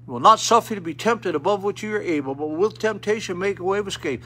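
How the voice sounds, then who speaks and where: A man's voice: sits high, fast talker, few pauses, sharp tone, slight background noise. An older man preaching a sermon at a rescue mission, plain-spoken and folksy with fervent appeals, in an auditorium.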